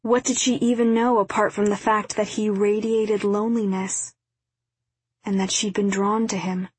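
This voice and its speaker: A woman reading a novel aloud as narrator, in a quiet, even storytelling delivery. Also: mid-range voice, normal speed, slightly rough, dry recording. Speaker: audiobook narrator. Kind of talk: scripted narration.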